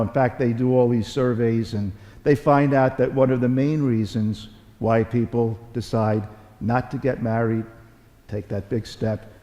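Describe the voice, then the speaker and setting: A man's voice: medium pitch, dark tone. A middle-aged man, a Catholic bishop, giving a conversational homily at Mass with folksy storytelling, repeating phrases and joking at his own expense. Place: large church. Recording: long church reverb.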